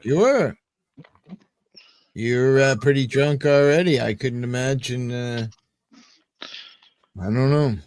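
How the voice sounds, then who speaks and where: Slow-talking man host, teasing. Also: medium pitch, a little mellow, clear, resonant tone. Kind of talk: casual chat.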